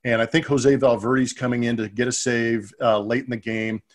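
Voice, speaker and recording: A man's voice: mid-range voice, flat delivery, normal speed. A middle-aged man co-hosting a podcast, telling rambling, chatty stories from his playing days. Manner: chatty, rambling anecdotes with restarts. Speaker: podcast co-host, former ballplayer. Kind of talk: casual storytelling chat.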